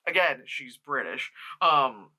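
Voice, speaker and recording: Bright-voiced rambling movie reviewer. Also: mid-range voice, animated. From New York tri-state area. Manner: rambling, profane, slips into quick mock voices of characters. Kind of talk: casual rambling film review.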